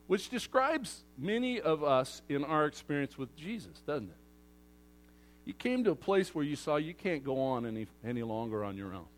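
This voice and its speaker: A man preaching a sermon to his congregation in a lively way, acting out crowd voices and moving from loud outbursts to hushed asides. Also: high voice, moderate pace. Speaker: pastor.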